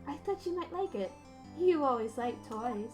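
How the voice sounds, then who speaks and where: A woman voicing a calm young lawyer who speaks gently and in a measured way to her little sister. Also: high-pitched. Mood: gentle. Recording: game music behind.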